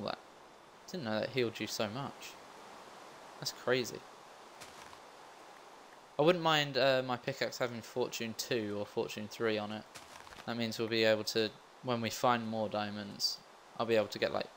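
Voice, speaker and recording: A man's voice: on the low side, fairly even intonation, measured pace, long pauses, a bit bright, a little hiss or hum. A young man giving casual commentary while playing a game, rambling and joking at his own expense. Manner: rambling, self-mocking asides. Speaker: let's play gamer.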